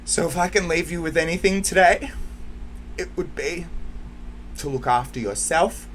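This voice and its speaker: A man with a slightly raised voice speaks straight to his viewers in a heartfelt monologue. He is emotional and close to tears, dropping to near-whispers and then surging into loud outbursts. A faint hiss sits under the recording. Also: a little high. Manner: heartfelt, swinging between hushed and loud bursts. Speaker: channel host. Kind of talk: emotional direct-to-camera monologue.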